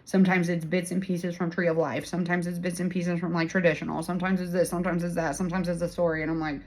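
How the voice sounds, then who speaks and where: A woman hosting a casual tarot-reading vlog. She talks bluntly and swears, laughs often, and swings between loud bursts and hushed asides. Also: lowish voice, little pitch movement, fast talker. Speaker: tarot reader and channel host.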